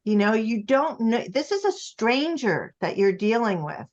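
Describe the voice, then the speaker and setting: A woman's voice: a little high, sing-song, measured pace, a little mellow. Emphatic woman on muffled lo-fi audio. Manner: emphatic, acts out quoted voices while explaining. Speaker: author and interview guest. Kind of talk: conversational interview.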